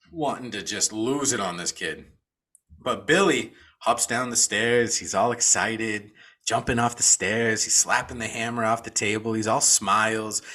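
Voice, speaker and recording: A man's voice: mid-range voice, bright, forceful tone. A man co-hosting a podcast, recapping a film in a casual, profane storytelling way. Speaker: podcast co-host.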